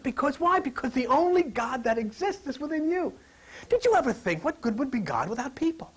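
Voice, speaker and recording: A man preaching a lively sermon to a congregation, joking and dropping to a whisper to stress points. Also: very high voice, fairly quick, slightly rough. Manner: animated, jokey, drops to whispers for emphasis.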